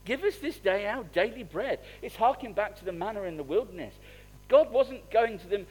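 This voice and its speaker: A middle-aged man delivers a sermon with a high, expressive voice. His pitch leaps and falls constantly as he moves between quiet, confiding asides and loud, emphatic bursts, keeping a chatty, conversational tone throughout. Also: a little fast, breathy edge, faint music behind, poor audio. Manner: animated, conversational preaching with wide swings in loudness. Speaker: pastor.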